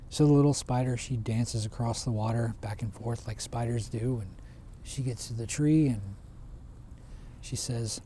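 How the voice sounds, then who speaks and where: A man retelling a traditional folk tale in a relaxed, conversational way, often restarting his phrases. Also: mid-range voice, moderate pace, a little hiss or hum. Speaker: storyteller. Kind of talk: casual oral storytelling.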